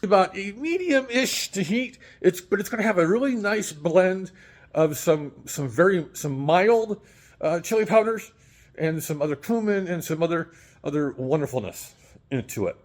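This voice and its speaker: High-voiced man chatting casually about cooking. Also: animated, moderate pace. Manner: rambling, self-correcting, chuckles at himself. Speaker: home cook hosting a daily cooking vlog. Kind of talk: casual chat.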